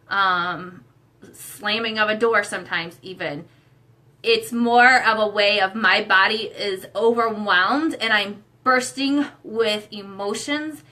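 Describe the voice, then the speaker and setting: A young adult woman with a bright, forceful voice speaks in a candid conversation with her husband. She sounds earnest and emotional, halting often with fillers as she works through her thoughts. Her pitch stays in an ordinary middle range. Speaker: co-host, sharing her own experience.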